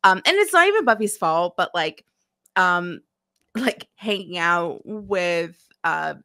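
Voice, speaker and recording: A woman's voice: lowish voice, expressive, slow pace, bright, forceful tone, no room sound, clean studio sound. A woman co-hosting a podcast, talking casually about a TV episode in a rambling way, full of "um" and "like". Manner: rambling, with many fillers like "um" and "like". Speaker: podcast co-host. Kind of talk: casual chat recapping a TV episode.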